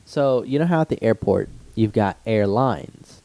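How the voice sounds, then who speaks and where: A man's voice: expressive, measured pace, no echo. A young man co-hosting a casual podcast, telling stories with lots of swearing and acting out quotes. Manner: heavy swearing, acts out quotes with loud high voices. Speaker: podcast co-host. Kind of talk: casual chat.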